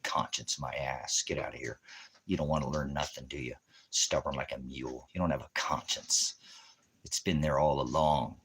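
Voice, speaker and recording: A man's voice: very deep voice, steady tone, normal speed, a bit bright, husky. A man preaching on a livestream, ranting and mocking commenters in a combative, profane way.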